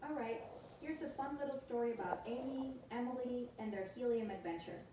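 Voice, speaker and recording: A woman's synthetic voice assistant telling a story as a scripted narration, in an even, upbeat, smooth delivery. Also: on the high side, brisk, recorded from a distance, background noise. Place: room with a smart speaker. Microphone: speaker recorded from across the room. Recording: echoey room, smart speaker heard from afar.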